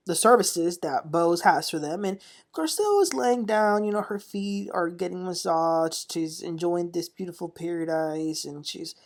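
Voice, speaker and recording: A woman with a fairly low, darkish voice hosts a casual reality-TV recap. She's chatty and opinionated, often laughing as she talks.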